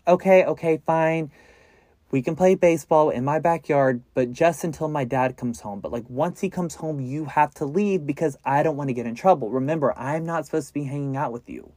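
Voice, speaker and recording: A man hosting a true crime podcast, telling the case casually with lots of filler words and dropping to a hush at grim moments. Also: medium pitch, dry recording, studio quality.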